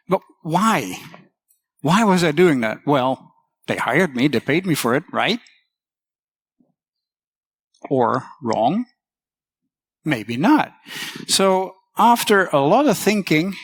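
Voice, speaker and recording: A woman's voice: low voice, dry recording. A woman teacher giving a casual conference talk, swearing freely and acting out the voices she quotes.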